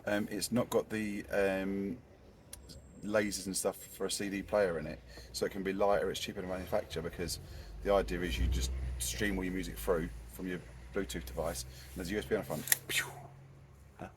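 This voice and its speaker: Male DIY vlogger, lowish voice, casual rambling workshop chat, goofy asides. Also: little pitch movement, fairly quick, slight background noise. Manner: rambling and jokey, talking to himself as he works. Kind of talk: casual workshop chat while fitting a stereo.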